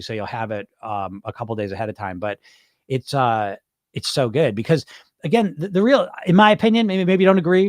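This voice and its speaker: A man's voice: medium pitch, no room sound, studio quality. A man hosting a live stream as a hypnotherapist, chatting casually with viewers and swearing freely. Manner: informal and chatty, with frequent swearing and laughs.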